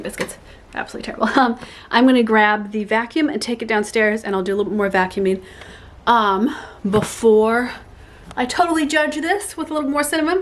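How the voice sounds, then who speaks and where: Woman home vlogger, slightly high voice, playful and jokey, recorded from a distance in a room with echo. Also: a little hiss or hum. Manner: playful, joking, self-mocking asides. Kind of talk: casual chatty vlog while cleaning. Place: inside a house. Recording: echoey room, mic far off.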